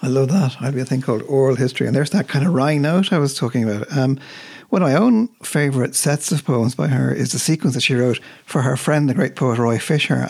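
A man, co-hosting a book show in a thoughtful, measured way with some hesitant restarts. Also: medium pitch, creaky, a little mellow, breathy edge. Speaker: co-host of a books show. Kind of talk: relaxed literary radio chat.

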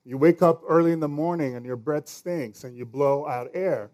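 Man preaching, fairly high voice, chatty with lots of fillers, loud then quiet. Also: moderate pace. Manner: conversational, many fillers, swings between loud and hushed. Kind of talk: sermon.

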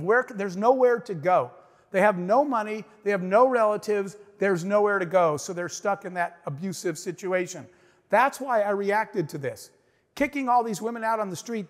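A middle-aged man gives an inspirational stage talk, telling his story with emphasis and turning often to address the crowd. His voice sits high for a man. Long reverb trails each line, as in a big hall. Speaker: motivational speaker.

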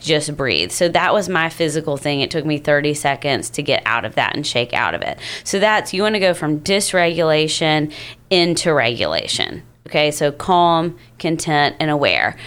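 Lady co-hosting a podcast, lowish voice, chatty and candid. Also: a bit bright, smooth. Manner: candid, explains and tells anecdotes. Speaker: podcast co-host. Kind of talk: casual chat.

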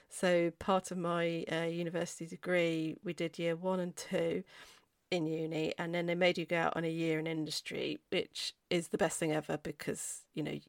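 Gravelly woman telling a rambling story. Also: fairly low pitch, dry recording, studio quality. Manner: chatty, rambling, goes off on tangents. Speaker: podcast host. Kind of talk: casual storytelling.

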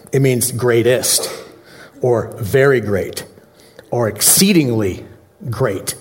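A man preaching a holiday sermon with a joking, conversational delivery. He talks with his congregation and often asks them questions. His voice sits at an ordinary pitch for a man. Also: a little mellow. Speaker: pastor. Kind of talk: Christmas Eve sermon.

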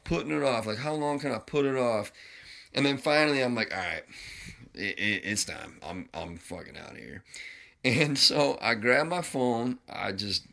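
A middle-aged man talking casually to his viewers, animated and swearing freely, repeating phrases for emphasis. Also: mid-range voice, vocal fry. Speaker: vlogger sharing his recovery journey. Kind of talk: casual talk to camera.

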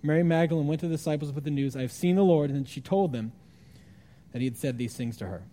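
A man delivers a sermon in a high, mellow voice. He retells the story with animated, acted-out lines, then falls quiet for reflective asides. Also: fast talker. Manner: animated storytelling with acted-out voices, jumps between loud and hushed. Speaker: pastor.

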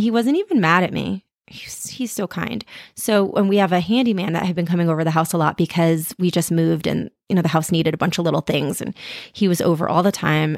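A woman's voice: lowish voice, no room sound, clean studio sound. A woman in her thirties hosting a podcast, telling candid personal stories in a frank, self-deprecating way and swearing freely. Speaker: podcast host. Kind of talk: candid personal storytelling monologue.

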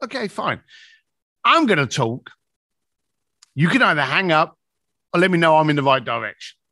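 Animated man acting out a story. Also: moderate pace, no echo, studio quality. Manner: acts out both sides of a phone call, shifting pitch a lot. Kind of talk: animated anecdote.

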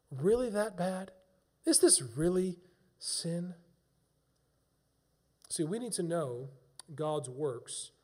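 A pastor delivering a sermon, preaching emphatically and swinging between hushed and raised passages. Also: male voice, high-pitched.

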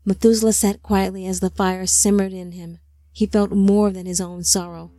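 A woman narrating an audiobook in a measured, somber storytelling manner on a close mic. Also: mid-range voice, little pitch movement, dark tone, no room sound.

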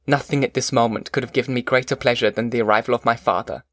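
A man narrating a classic novel as an audiobook in a measured, formal reading. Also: medium pitch, fairly even intonation, a bit bright, no room sound, studio quality.

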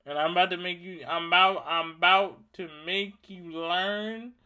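A young man in his twenties from Louisiana, hosting a solo podcast and telling a story in a heated, profane, animated rant. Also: high-pitched, measured pace, clean tone. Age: 20s. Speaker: podcast host. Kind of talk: ranting solo monologue.

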